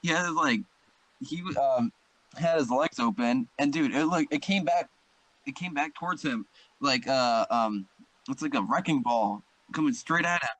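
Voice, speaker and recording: A man's voice: mid-range voice, moderate pace, fairly bright tone, dry recording, low-quality recording. A man co-hosting a casual podcast, telling stories in a rambling way with many "like" and "um" fillers and setting up the next topic. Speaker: podcast co-host. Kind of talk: casual chat among friends.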